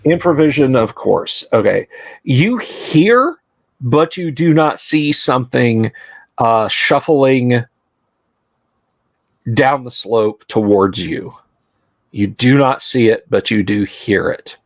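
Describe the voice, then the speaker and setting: A man narrating a tabletop game as game master, describing scenes deliberately with some restarts. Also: mid-range voice, no echo.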